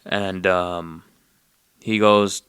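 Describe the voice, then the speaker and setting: Low-voiced man rambling through a story. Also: steady tone, drawn-out words, a bit bright, clear, resonant tone, no room sound, clean studio sound. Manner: rambling, profane, streetwise slang. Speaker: podcast host. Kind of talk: casual retelling of a movie plot.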